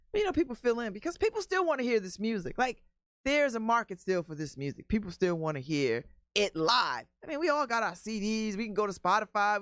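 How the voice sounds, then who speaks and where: A woman's voice: medium pitch, dry recording, clean studio sound. A woman hosting a radio talk show, telling stories about music in a casual, emphatic way. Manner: animated storytelling, emphatic repeats.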